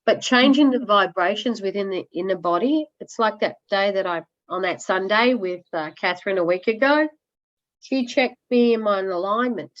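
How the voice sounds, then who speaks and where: A woman, a coaching client, talking loudly and candidly in a casual group coaching call. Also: medium pitch, moderate pace, lo-fi sound. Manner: loud, candid and animated, with blunt asides. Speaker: coaching client sharing progress.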